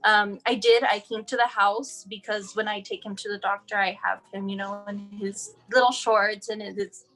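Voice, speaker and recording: A woman's voice: medium pitch, level tone, moderate pace, fairly bright tone, soft background music, rough recording. A young woman from El Paso, Texas, telling her child's story in an interview, acting out the dialogue with many restarts. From El Paso, Texas, USA. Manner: emotional, acts out quoted dialogue, frequent restarts.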